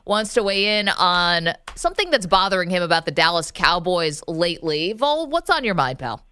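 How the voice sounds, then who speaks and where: A woman hosts sports radio with easy laughter and teasing banter. Her voice sits a little low. The sound is dry and close. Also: very animated, normal speed, sharp tone, clear, resonant tone, no echo. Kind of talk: casual sports talk.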